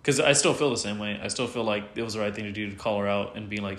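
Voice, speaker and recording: A man's voice: fairly low pitch, fast talker, a bit bright, slight background noise. A man speaking candidly as an interview guest, rambling with lots of fillers and some swearing. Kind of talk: candid casual conversation. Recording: roomy echo.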